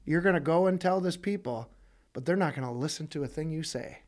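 A man voicing God as a stern male figure, lower and quieter, dry and matter-of-fact. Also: a little fast, lightly acted. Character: stern male God giving grim orders.

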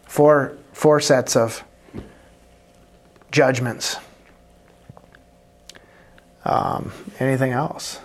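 A man's voice: mid-range voice, steady tone, extremely slow, long pauses. A man teaching a conversational Bible study, thinking aloud and correcting himself as he explains.

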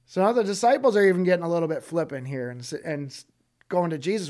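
His voice sits high and moves quickly as this preacher leads an informal Bible lesson. Animated throughout, he voices the figures from the passages he reads and keeps asking "okay?" along the way.

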